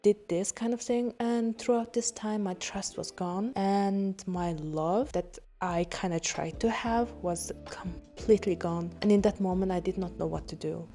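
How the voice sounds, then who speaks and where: Young woman, podcast host, candid storytelling, frequent swearing, mellow tone, faint music underneath. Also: medium pitch. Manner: frank, swears often, laughs at herself.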